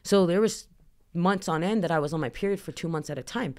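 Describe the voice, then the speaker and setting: Talking fast in a slightly mellow voice on the low side, a woman in her thirties shares her own story openly as a podcast guest. She acts out conversations and fills her chatty speech with "like."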